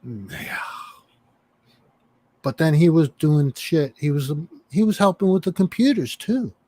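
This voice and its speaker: A man telling a story in casual chat, swearing freely and animated. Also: on the high side, a little slow, no echo. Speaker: chat participant.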